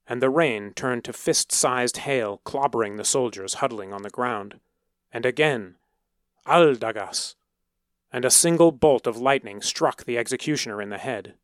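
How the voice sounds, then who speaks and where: A man narrating a story in a measured, dramatic way. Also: medium pitch, no room sound, clean studio sound. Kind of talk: scripted narration.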